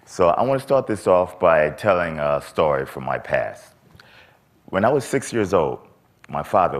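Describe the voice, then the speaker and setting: A man speaking at a convention, telling a childhood story with animated, acted-out quotes. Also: very deep voice. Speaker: conference speaker. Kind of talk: storytelling talk. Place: convention stage.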